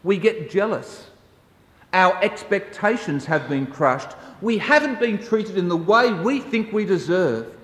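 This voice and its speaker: A man preaches a sermon at an unhurried pace, his fairly high voice telling stories in a measured way. The sound rings with long reverb, as if from a large hall heard at some distance. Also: expressive, a bit bright. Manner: slow, measured storytelling. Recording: echoey hall, distant mic.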